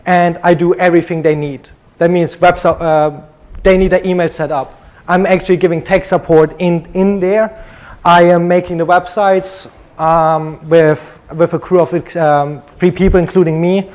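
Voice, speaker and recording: A man's voice: high voice, steady tone, normal speed, darkish tone. A young man from Germany with a German accent, giving a chatty, joking conference talk full of ums. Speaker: conference speaker.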